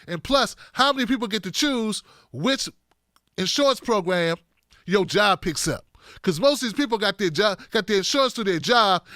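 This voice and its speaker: A man talks politics in a lively, emphatic monologue with a high, bright voice. He keeps repeating key points for emphasis. The sound is dry and close. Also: dry recording. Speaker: political commentator, host. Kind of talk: casual political commentary monologue.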